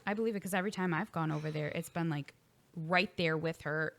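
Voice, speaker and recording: A woman co-hosting a podcast, telling stories in an animated casual chat and laughing often, recorded in a home basement studio. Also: low voice, fairly quick. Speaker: podcast co-host.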